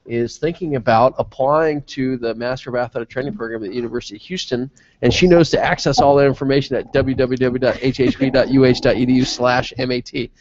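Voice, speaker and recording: A nasal-voiced man hosting a casual live interview, joking and asking quick follow-up questions. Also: mid-range voice, fairly even intonation, a little mellow. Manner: chatty, joking, asks quick follow-ups. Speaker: interviewer and host. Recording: dull lo-fi mobile broadcast.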